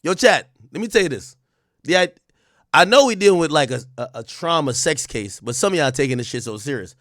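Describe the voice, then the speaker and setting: A male live streamer talking to his chat in animated, profane street slang, laughing often. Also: fairly high pitch, fairly quick, dry recording, studio quality. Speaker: streamer host.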